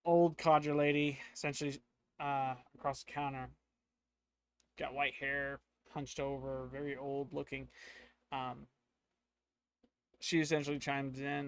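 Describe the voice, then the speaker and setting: A man's voice: mid-range voice, little pitch movement, unhurried, long pauses, fairly bright tone, clean tone. A man narrating and playing a solo tabletop game, thinking aloud as he goes.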